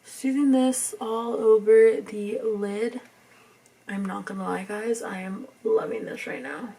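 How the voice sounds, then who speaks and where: A young woman, talking softly through a makeup tutorial in a rambling, near-whispered way. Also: medium pitch, a little slow, creaky, recorded from a distance, a little hiss or hum. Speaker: beauty vlogger.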